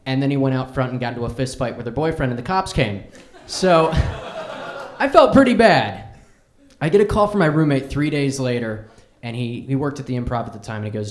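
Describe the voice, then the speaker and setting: A man's voice: mid-range voice, lively intonation. Young man doing stand-up in a roomy club. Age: young adult. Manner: quick storytelling with voiced quotes of others. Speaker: stand-up comic. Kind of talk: stand-up storytelling. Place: comedy club stage.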